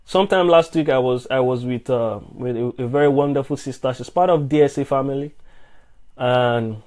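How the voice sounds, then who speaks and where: A man's voice: medium pitch, normal speed, a little mellow. A man preaching a sermon during a live stream, earnest and repetitive, often restarting his words.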